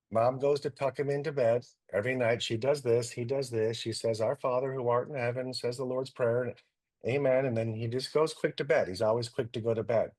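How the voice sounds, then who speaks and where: A middle-aged man, a doctor, telling lively anecdotes and acting out what people said. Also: medium pitch. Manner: animated anecdotes, acting out quotes. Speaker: guest doctor. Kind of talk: storytelling in a talk.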